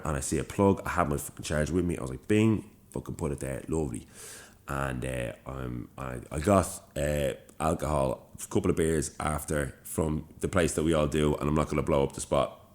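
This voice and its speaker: A young man from Ireland with a Dublin accent, co-hosting a podcast and telling an animated, swear-filled story. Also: extremely low pitch. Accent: Dublin Irish. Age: young adult. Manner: animated storyteller, swears freely, acts out quoted lines. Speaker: podcast co-host. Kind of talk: casual storytelling chat.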